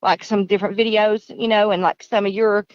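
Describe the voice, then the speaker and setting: A woman's voice: medium pitch, steady tone, a little fast, dry recording, muffled recording. A woman with a Kentucky accent, a podcast caller telling her story in an earnest, rambling way that repeats itself. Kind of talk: casual storytelling.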